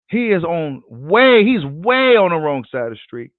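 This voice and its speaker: Guy ranting on a boxing stream, cussing a lot, repeats himself, kinda high voice, tinny phone-ish audio. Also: measured pace, few pauses, no echo. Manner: animated, profane, slangy, repeats himself. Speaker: boxing channel host. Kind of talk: casual livestream chat reading comments.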